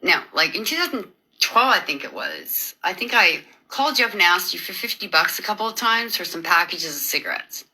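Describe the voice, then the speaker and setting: A woman's voice: lowish voice, big pitch swings, fairly quick, bright, forceful tone, slightly rough, poor audio. A woman delivering an emotional, rambling personal rant to camera. She is agitated and sarcastic, breaking off and restarting her sentences. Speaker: video creator.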